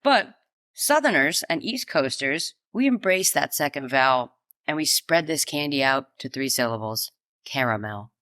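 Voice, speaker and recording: A woman co-hosting a podcast with a bright, crisp voice, recorded close and dry. She chats in a playful, animated way and reads debate topics from her notes. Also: sits low, moderate pace, no echo. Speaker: podcast co-host. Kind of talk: casual chat.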